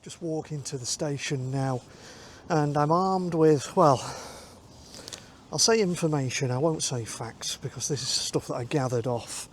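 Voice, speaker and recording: Walking to a station and a bit breathless, a North West England man talks casually into his handheld camera mic about a football trip, with ums as he thinks aloud. His voice is on the high side and a little slow, with slight background noise.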